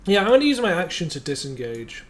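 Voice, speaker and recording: Higher-voiced, exasperated male player. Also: fast talker. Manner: animated, exasperated, jokey.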